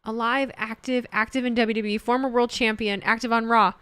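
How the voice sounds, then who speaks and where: A woman's voice: fairly high pitch, fairly even intonation, a little fast, a bit bright, clean tone, no room sound. A woman streamer in casual live chat, joking theatrically and answering her viewers.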